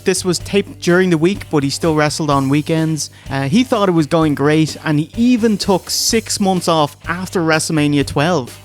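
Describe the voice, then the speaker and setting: A man hosting a casual review podcast, chatty and quick to laugh. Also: on the high side, soft background music. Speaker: podcast host.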